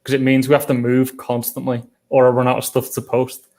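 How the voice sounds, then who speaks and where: A man's voice: mid-range voice, completely flat delivery, brisk, a little mellow. A man chatting over a video call as a guest travel vlogger, telling rambling anecdotes in a casual way. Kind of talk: casual chat.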